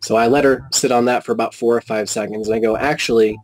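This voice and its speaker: A man telling a personal story as an interview guest, animated and quoting whole conversations with frequent restarts. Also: mid-range voice, fast talker, low-quality recording. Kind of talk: casual storytelling.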